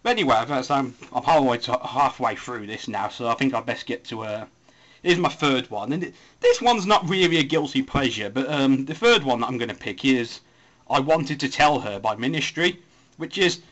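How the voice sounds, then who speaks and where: A young man chats at an easy middle pitch, wandering from one tangent to the next. He mocks himself as he goes, in a loose, casual spoken post. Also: animated, normal speed, a bit bright. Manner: rambling, self-mocking, puts on silly voices. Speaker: forum voice poster.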